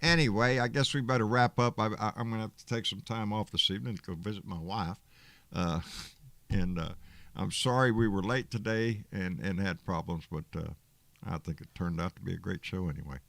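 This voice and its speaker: A man with a Texan accent hosting a casual live online talk show, relaxed and folksy, quick to swear and laugh. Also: low voice, vocal fry, dry recording. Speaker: host.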